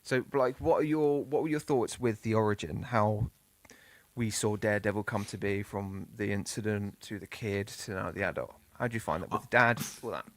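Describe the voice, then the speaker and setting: A man's voice: fairly low pitch, moderate pace, no room sound. A man co-hosting a casual podcast review, asking questions and sharing trivia with listeners. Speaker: podcast co-host.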